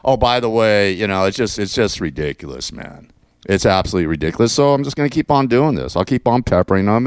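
A man's voice: on the low side, clean tone, no room sound, studio quality. Sarcastic ranting male radio host. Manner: sarcastic, rambling, laughs often.

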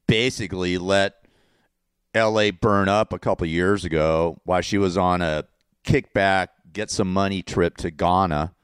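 A man's voice: low voice, clean tone, no echo, studio quality. A man from California with a Californian accent, ranting casually and sarcastically, rambling and repeating himself and laughing at his own jokes. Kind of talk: casual political rant to camera.

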